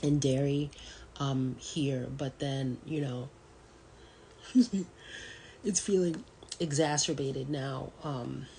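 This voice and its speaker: Deep-voiced woman musing aloud. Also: steady tone, takes it slowly, pauses often, warm tone, slight background noise, low-quality recording. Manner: thoughtful and rambling, many ums and you-knows. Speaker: podcast host. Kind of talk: casual solo talk.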